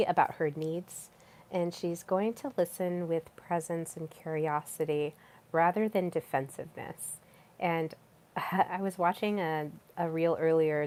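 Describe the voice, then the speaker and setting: A woman's voice: low-pitched, a little mellow. A young woman hosting a solo podcast, talking casually and chattily, with fillers and repeated words. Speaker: podcast host.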